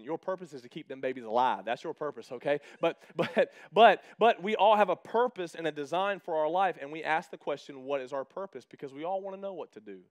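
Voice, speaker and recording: A male pastor in his thirties with a high-pitched voice tells stories in a loose, conversational sermon. He jokes with the congregation and plays out both sides of his quoted exchanges. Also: a little fast. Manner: chatty and humorous, acting out quoted exchanges. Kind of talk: casual storytelling sermon.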